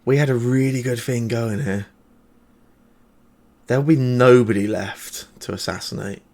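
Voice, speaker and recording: A man doing a deadpan female assassin. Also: mid-range voice, unhurried, natural voice. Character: weary female assassin, mercenary and dry.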